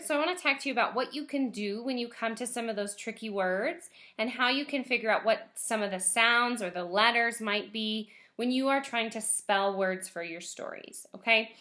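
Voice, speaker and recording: A woman teaching first graders in a recorded lesson, speaking gently and stretching words out slowly so children can hear the sounds. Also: a little high. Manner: gentle, encouraging teacher voice for young kids.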